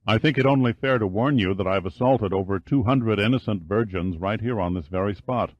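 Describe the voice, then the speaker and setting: A male narrator voicing a confident, forward man who speaks gently with dry, teasing humor. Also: fairly quick, no room sound, muffled recording, close to an everyday voice. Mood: wry. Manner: gentle, teasing, low-key.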